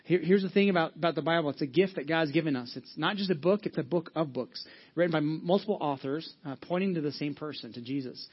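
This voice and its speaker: Male pastor, brisk and energetic, slightly high voice, muffled lo-fi church recording. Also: breathy edge. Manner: energetic, conversational, frequent restarts. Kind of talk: sermon. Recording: dull lo-fi sermon audio.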